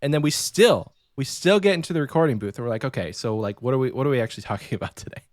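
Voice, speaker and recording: Easygoing podcast co-host, dry close mic. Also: male voice, medium pitch, expressive, racing, darkish tone, no room sound. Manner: easygoing, laughs a lot. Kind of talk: casual chat.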